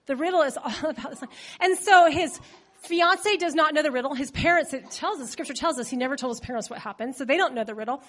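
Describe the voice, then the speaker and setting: Casting: high-pitched woman preacher with a cold, humorous, chatty sermon delivery. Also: quick pace, a bit bright. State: has a cold. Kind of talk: conversational sermon.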